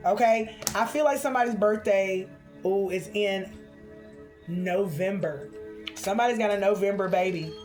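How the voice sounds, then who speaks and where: Expressive woman giving a spiritual card reading. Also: mid-range voice, faint music behind. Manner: expressive, drawn-out exclamations, addresses viewers as honey and y'all.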